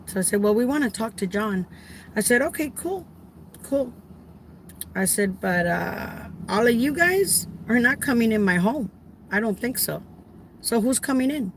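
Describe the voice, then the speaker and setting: This middle-aged caregiver has a fairly high-pitched voice and speaks at a moderate pace as she animatedly shares a story with her viewers. She plays out the dialogue, raising her voice when quoting herself, and the chat stays casual. A little hiss or hum sits under the recording.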